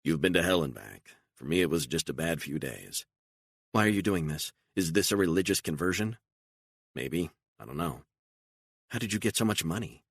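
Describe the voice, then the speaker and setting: A man's voice: low voice, very animated, moderate pace, creaky, breathy edge, no room sound, studio quality, pitched above the performer's own voice, full character voice. A man voicing a frightened, emotional woman on the run, pleading and incredulous and raising her voice often, in an audiobook.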